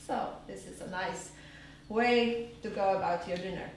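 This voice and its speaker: A woman performing an earnest solo theater monologue, recorded live on a small stage. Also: medium pitch. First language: Polish. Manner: earnest storytelling, measured. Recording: live stage, roomy hall from far off, faint noise.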